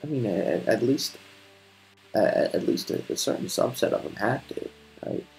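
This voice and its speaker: Man, very low voice, measured poetry reading, faint music behind. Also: expressive, creaky, darkish tone, poor audio. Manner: measured, stumbles and restarts in chat. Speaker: host reading an epic poem aloud. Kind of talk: poetry reading and casual chat.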